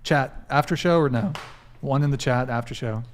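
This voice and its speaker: A man's voice: mid-range voice, a little hiss or hum. Teasing male podcast host. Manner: teasing, laughing, halting restarts. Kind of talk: casual live-stream chat.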